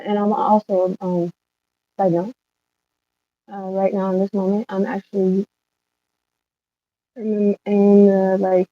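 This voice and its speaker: A woman's voice: medium pitch, no echo. A woman livestreaming an emotional rant, upset and rambling, swearing often. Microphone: phone livestream. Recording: slightly dull lo-fi stream audio.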